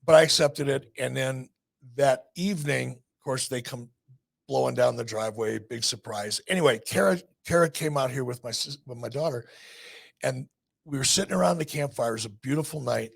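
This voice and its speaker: A man with a gravelly, rough-edged voice tells a story on his podcast. He talks loosely and warmly about a personal moment, with a husky grain under every phrase. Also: medium pitch, normal speed. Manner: sentimental, rambling anecdote. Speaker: podcast host. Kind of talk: casual storytelling.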